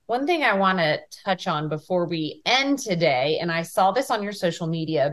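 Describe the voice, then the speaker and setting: A woman's voice: on the low side, lively intonation, moderate pace, hardly any pauses. A woman hosting a podcast interview in a conversational way, relating her guest's points to her own work. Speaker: podcast host.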